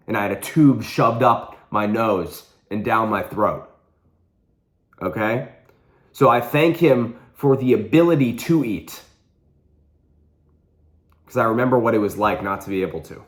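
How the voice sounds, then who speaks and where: Deep-voiced young man telling an earnest story. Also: animated, moderate pace, pauses often. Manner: earnest and intense, repeats phrases for emphasis. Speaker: vlogger. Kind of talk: personal storytelling to camera.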